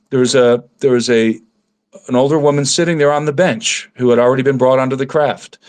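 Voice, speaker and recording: Earnest man, halting storyteller. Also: mid-range voice. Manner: earnest, halting, many restarts. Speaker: guest researcher. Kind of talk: casual storytelling.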